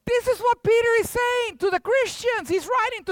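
An older preacher delivers a sermon with a very lively, swinging delivery. Quiet asides turn into loud, rising bursts. The sound is close and dry, with no room echo. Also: very high voice, measured pace, long pauses. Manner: animated, jumps from hushed to loud.

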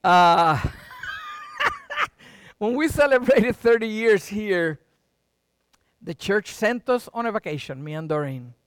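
Middle-aged man, sermon-style pastor, very animated pitch, folksy and joking with his flock. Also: unhurried, smooth, dry recording, studio quality. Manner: dramatic preaching with sudden loud and quiet swings; folksy, joking asides to the congregation.

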